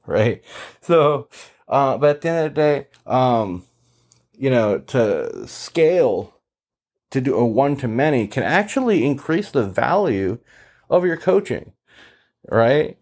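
A man with a mid-range voice and measured pace tells sales stories as a coach in a casual, chatty monologue. He is animated and uses lots of fillers. He acts out the voices of the people he quotes.

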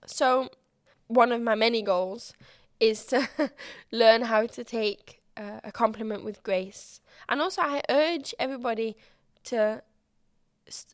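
A woman hosts her solo podcast in a fairly high voice, talking openly and swearing without a second thought. The sound is close and dry, with no room around her. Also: slow, no room sound. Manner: candid, expressive, swears freely. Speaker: podcast host. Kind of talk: casual solo podcast chat.

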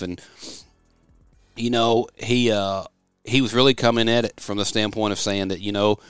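A man's voice: lowish voice, steady tone, moderate pace, long pauses, smooth, dry recording, soft background music. A middle-aged man from West Tennessee, hosting a podcast in a studio office, rambling and folksy as he tells stories. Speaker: podcast host. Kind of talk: casual podcast chat.

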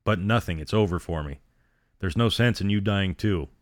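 A doomed gangster speaks with solemn, resigned calm, as a man reads him. His voice sits very low, and the recording is dry and close. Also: normal speed, dry recording, close to an everyday voice. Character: condemned middle-aged male gangster, resigned and solemn.

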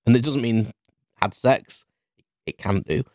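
A man's voice: medium pitch, animated, unhurried, a little mellow, dry recording, clean studio sound. Rambling British man telling a story. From United Kingdom. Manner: rambling, many restarts and fillers. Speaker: podcast host. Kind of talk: casual storytelling monologue.

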